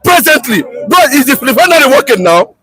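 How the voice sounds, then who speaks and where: A man with a Nigerian accent shouting combatively in a street debate, stammering when worked up. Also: very high voice, big pitch swings, a little fast, faint music behind. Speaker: street interviewee.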